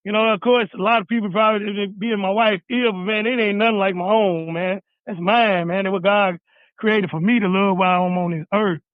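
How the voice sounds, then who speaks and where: A man's voice: sits high, fairly even intonation, a little fast, dry recording. Man talking on a tinny phone line. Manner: laid-back, says "man" often. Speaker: guest chef. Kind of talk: casual phone interview. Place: in a car, driving. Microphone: phone call.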